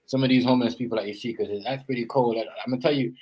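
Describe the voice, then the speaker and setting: A man's voice: mid-range voice, fairly even intonation, racing, darkish tone, low-quality recording. A man hosts a laid-back podcast conversation. His talk is loose and rambling, and he circles back over the same phrases again and again. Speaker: podcast host. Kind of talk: casual chat.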